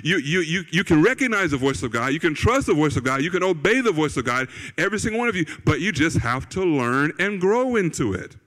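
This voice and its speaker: Male pastor, fairly high voice, casual preaching style that keeps repeating key lines, long church-hall reverb. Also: very animated, brisk, few pauses, a bit bright. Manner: conversational, repeats phrases for emphasis, asks "right?" and "okay?". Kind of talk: sermon. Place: church sanctuary.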